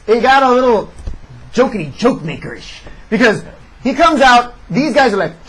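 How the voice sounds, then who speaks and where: Husky high-voiced man recapping wrestling. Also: normal speed, low-quality recording. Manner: sarcastic, animated recapping. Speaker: wrestling show reviewer. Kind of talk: casual podcast chat.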